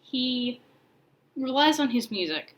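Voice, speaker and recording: A woman's voice: high voice, animated, takes it slowly, poor audio. A young woman hosting a podcast, retelling a myth in a chatty, playful way with slang and laughs. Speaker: podcast host. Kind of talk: casual mythology storytelling.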